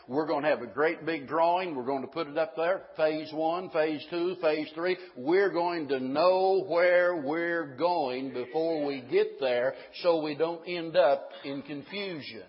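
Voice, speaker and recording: A man's voice: a little high, unhurried, hardly any pauses, breathy edge, long reverb tail, highs cut off. A man preaching a sermon to his congregation in a folksy manner that rises into emphatic preaching. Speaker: pastor.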